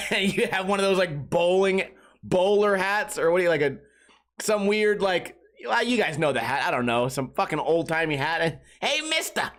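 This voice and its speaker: A man in his thirties with a somewhat high voice hosts a loose comedy podcast. He rambles crudely and swears freely, stringing his thoughts together with constant filler words. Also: normal speed, fairly bright tone. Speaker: podcast host. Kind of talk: casual comedic podcast monologue.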